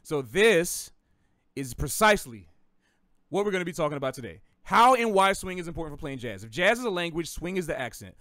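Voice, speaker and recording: A man's voice: on the high side, expressive, a little fast, sharp tone, no room sound, clean studio sound. A man from the American South with a faint Southern accent, teaching jazz in a rambling, self-correcting, chatty way. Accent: slight Southern American. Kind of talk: casual livestream lesson.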